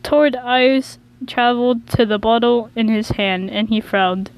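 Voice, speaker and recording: A woman reads a fan story aloud, slowly, tripping over words and correcting herself as she goes. Her voice sits fairly high. The delivery is casual and unpolished. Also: steady tone, clean tone, poor audio. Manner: stumbling, self-correcting. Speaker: reader.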